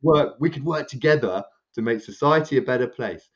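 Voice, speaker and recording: A man's voice: brisk, highs cut off. A man, a podcast co-host, rambling through a casual anecdote and acting out what others said. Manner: rambling, animated, acts out quotes with raised pitch. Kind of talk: casual storytelling chat.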